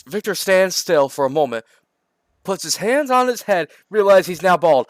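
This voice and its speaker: Brief: high-voiced young man, dry close sound, reads aloud and keeps swearing in disbelief. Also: very animated, moderate pace, no echo. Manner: incredulous, swearing constantly. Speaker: reader reacting to a comedy book. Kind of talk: reading aloud with comic commentary.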